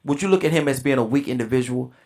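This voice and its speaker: A man's voice: mid-range voice, fast talker. A man hosting a casual talk show, asking guests long questions and backing them up with frequent affirmations. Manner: lively, affirms often, asks long questions. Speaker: host. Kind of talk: casual chat.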